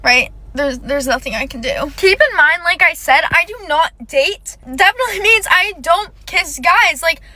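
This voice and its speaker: A woman's voice: very high-pitched, animated, normal speed, hardly any pauses, sharp tone, no room sound. A young woman telling a dramatic personal story in a chatty, emphatic way. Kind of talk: casual storytime.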